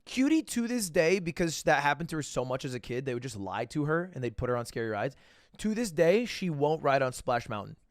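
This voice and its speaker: A young man chats to his stream audience in a loose, animated storytelling voice, slightly high and swinging widely in pitch. The sound is close and dry, as from a desk mic at home. He slips into shrill put-on voices for the people in his story. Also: fairly quick, no echo. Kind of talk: casual storytelling to chat.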